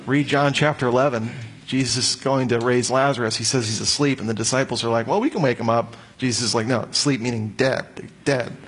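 A man's voice: mid-range voice, slightly rough. A man preaching to his congregation, explaining a passage in detail and acting out the voices he quotes. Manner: animated expository preaching, acts out quoted voices. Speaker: pastor. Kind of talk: sermon.

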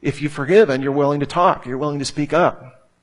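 A man preaching in a voice pitched a little above the usual. He talks in an emphatic way, stacking repeated phrases for effect. He speaks to a live congregation gathered in a church hall. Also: fairly quick. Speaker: pastor. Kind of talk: sermon.

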